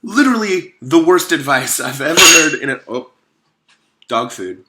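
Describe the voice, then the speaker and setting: A man giving a casual, comedic commentary on a movie, animated and sarcastic, rambling with many fillers. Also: medium pitch, a little slow, very noisy. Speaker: video host.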